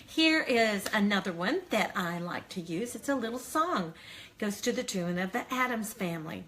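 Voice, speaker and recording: Older female teacher trainer, warm encouraging delivery, breaks into slow singsong chants. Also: mid-range voice, expressive, noisy background. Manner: friendly, encouraging explanation. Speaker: early childhood educator.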